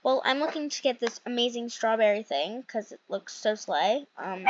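A woman's voice: fairly high pitch, expressive, moderate pace, few pauses, heavy background noise. A young woman casually commentating a role-play game in a chatty, rambling way, often correcting herself. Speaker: gaming channel host. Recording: dull lo-fi mic.

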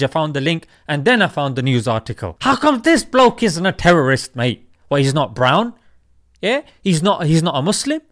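Animated man, high lively voice. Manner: animated, emphatic, rhetorical questions. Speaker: host. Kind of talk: opinion vlog commentary.

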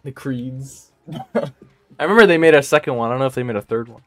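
Brief: young male gamer streaming live, loose slangy rambling chat, mid-pitched voice, dry close sound. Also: expressive, racing, a bit bright, no echo. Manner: rambling, slangy, says "bro" constantly, laughs often. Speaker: game streamer. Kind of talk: casual live gameplay chat.

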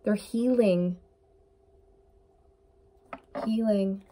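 An earnest woman in the middle of a tarot reading, her voice at a middle pitch for a woman. She speaks straight to the viewer, intuitive and heartfelt, as if passing on messages she senses. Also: a little slow, noisy background. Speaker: tarot reader.

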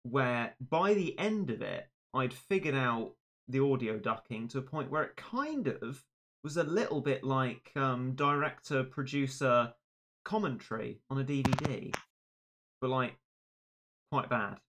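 Dry-humored streamer. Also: male voice, medium pitch, expressive, unhurried, fairly bright tone. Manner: dry, self-deprecating and chatty. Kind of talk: casual live-stream chat.

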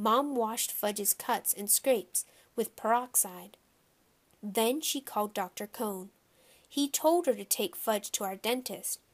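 A woman narrating a children's audiobook with expressive storytelling. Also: mid-range voice.

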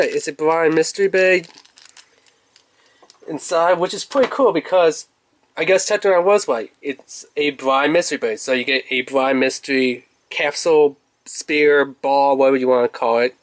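A man's voice: mid-range voice, moderate pace. Chatty man unboxing toys. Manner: chatty, rambling with fillers, excitable when revealing toys. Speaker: toy reviewer. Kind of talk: casual unboxing review.

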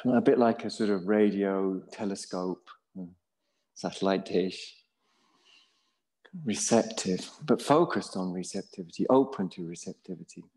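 A man teaching a yoga class in a Buddhist centre studio, relaxed and joking about himself as he guides the students. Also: deep voice, unhurried, poor audio. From England. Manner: relaxed and jokey, self-mocking asides.

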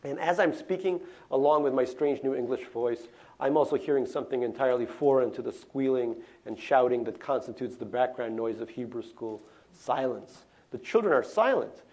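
A man's voice: mid-range voice, moderate pace. Wry middle-aged man reading his memoir. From Russia. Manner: wry, deadpan comic delivery with asides. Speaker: author. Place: lecture hall.

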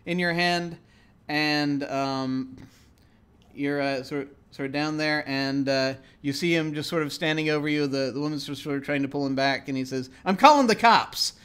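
A man's voice: a little high, flat delivery, a bit bright, clear, resonant tone. A man running a tabletop role-playing game, talking casually with many fillers and restarts. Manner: halting, many fillers and restarts, laughs often. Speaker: game master.

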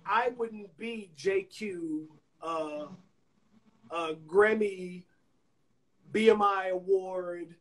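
Speaking extremely slowly with frequent pauses, a songwriter and producer from Anniston, Alabama, tells long anecdotes in a relaxed interview. His voice is notably high, and he animatedly voices the people he quotes. The audio is from an Instagram Live phone call.

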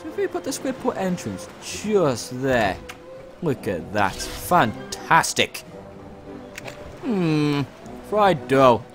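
A young man chats his way through a game, lively and expressive, his pitch bouncing freely. He reads on-screen lines aloud with playful outbursts. Soft game music plays underneath. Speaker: let's play host. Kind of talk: casual gameplay commentary.

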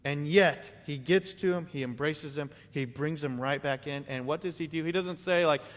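Casual male preacher, slightly high voice, church hall reverb. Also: normal speed. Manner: conversational preaching, many "right?" and "like" asides. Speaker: pastor. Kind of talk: sermon. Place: church sanctuary.

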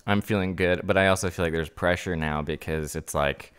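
A man's voice: low voice, steady tone, fairly quick, a bit bright, smooth. A man hosting a casual podcast and running a game, joking around in a playful way. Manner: playful, jokey. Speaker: podcast host.

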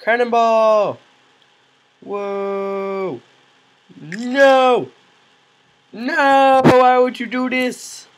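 A man doing goofy, excitable let's play commentary, yelling reactions and cracking self-mocking jokes. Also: very high voice, very slow, pauses often, low-quality recording. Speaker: gaming commentator.

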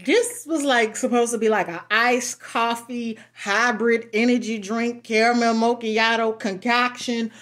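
A woman reviews products in an easy, unhurried way, her voice sitting a little high. She is blunt and frank, swears freely and laughs often as she talks. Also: a bit bright. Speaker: beauty and lifestyle vlogger. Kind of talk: casual product review chat.

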